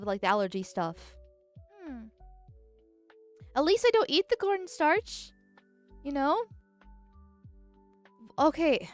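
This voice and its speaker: A woman's voice: a little high, smooth. A woman streaming live in casual chat, talking bluntly and directly, with a stuffy nose.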